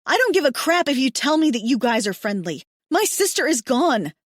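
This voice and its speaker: A woman voicing a furious, desperate young woman who shouts and demands in an audiobook. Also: high-pitched, sing-song, moderate pace, no room sound, clean studio sound, pitched above the performer's own voice. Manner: shouting, frantic. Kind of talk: audiobook character voice.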